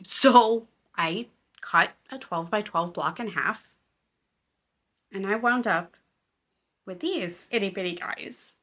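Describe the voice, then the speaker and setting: A woman hosting a casual knitting and crafts podcast, chatty and excitable with a self-deprecating manner. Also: medium pitch, takes it slowly, long pauses. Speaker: podcast host. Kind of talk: casual chat.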